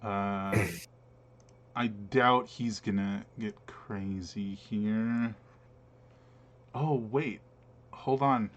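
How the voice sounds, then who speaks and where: A man running an online tabletop game as game master, pausing often with fillers as he explains the rules. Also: lowish voice, fairly even intonation, fairly bright tone, muffled recording. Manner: hesitant, many filler pauses while explaining rules.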